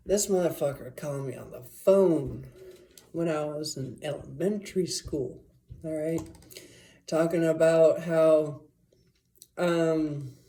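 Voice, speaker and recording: A woman from the Las Vegas area in the USA, with a low, mellow voice, tells a rambling personal story. She's casual and profane, filling it with fillers and asides.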